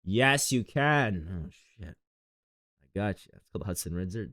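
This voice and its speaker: A man's voice: huge pitch swings, moderate pace, fairly bright tone, dry recording, clean studio sound. A young man from Long Island chatting casually and crudely on a game stream, rambling through jokes and tangents. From Long Island, New York. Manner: rambling, crude, jokey, with sudden high outbursts.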